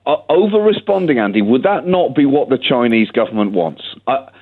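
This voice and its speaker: A man's voice: mid-range voice, lively intonation, a little fast. A man co-hosting a comedy podcast, cutting in with mock-serious pleas for restraint. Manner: mock-serious, pleading interruptions. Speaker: podcast co-host. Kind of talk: satirical comedy podcast banter. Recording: tinny phone-line sound.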